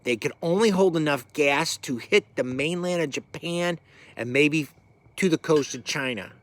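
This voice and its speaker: A middle-aged man rants with raw anger, cursing freely and wandering from point to point. His delivery lurches between low, grumbling asides and sudden loud outbursts. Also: normal speed, no room sound. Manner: angry, profane, rambling; swings from low mutters to loud bursts. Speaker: military veteran ranting. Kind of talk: profane political rant.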